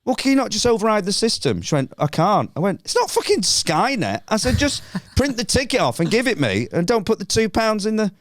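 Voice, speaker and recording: A man with a Northern English accent, a podcast guest telling a comedic anecdote in an animated, indignant and sweary way, acting out both sides of the exchange. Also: sits high, quick pace, hardly any pauses, dry recording, clean studio sound. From northern England.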